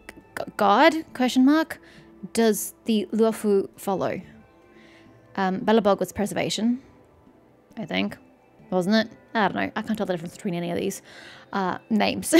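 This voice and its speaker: A woman's voice: fairly high pitch, darkish tone. A woman hosting a game playthrough, chatting casually and musing aloud as she plays. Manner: chatty, musing, self-questioning. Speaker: let's-play host.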